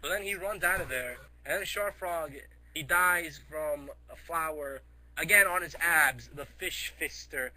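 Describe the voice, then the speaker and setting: Guy rambling thru a goofy made up story, really bright sharp voice, kinda high, excited. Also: a little slow, poor audio. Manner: excitable, rambling, full of fillers like "like".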